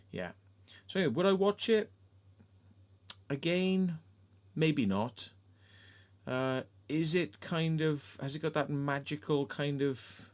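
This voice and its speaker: Man, midrange voice, casual profane rant, rambling with fillers. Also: medium pitch. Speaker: film reviewer.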